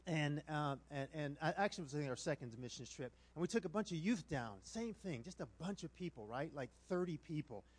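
A middle-aged male pastor telling a humorous story in a sermon, animated and self-mocking, acting out what people said. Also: fairly high pitch, a little fast, few pauses, slightly rough.

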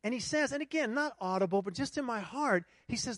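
A man preaching a sermon to a congregation, telling a lively personal story and asking the room for responses. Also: sits high, brisk, few pauses, dry recording, studio quality. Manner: animated storytelling, talks to the congregation. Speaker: pastor. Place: church hall with congregation.

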